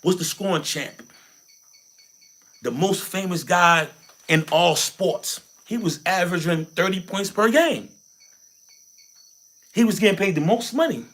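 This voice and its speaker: A man hosts a hyped livestream from Haiti, pumping up his viewers and hammering each point home with repetition. His voice sits fairly high, and he talks like a preacher working the room. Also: animated, unhurried, pauses often, fairly bright tone. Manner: preachy, repeats phrases, rallies viewers. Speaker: livestream host. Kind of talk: hyped motivational livestream chat.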